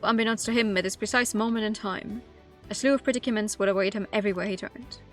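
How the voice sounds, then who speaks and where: A woman's voice: mid-range voice, steady tone, fast, soft background music, natural voice. A woman reading the lines of a polite, ceremonious announcer figure in a game. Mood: formal. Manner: formal, ceremonious. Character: formal mysterious announcer, polite and grand.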